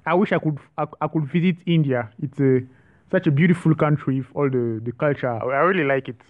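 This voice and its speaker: A man giving an online French lesson, speaking slowly and repeating each word, with some hesitant restarts. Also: on the high side, narrow, tinny audio. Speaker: French teacher.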